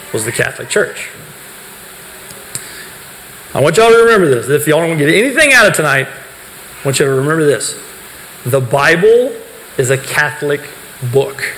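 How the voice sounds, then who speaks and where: Here a man with a somewhat high, fairly bright voice is teaching young people. He walks through explanations, throws questions out to the group, and responds to them himself, all captured in an echoing hall with a faint noise floor.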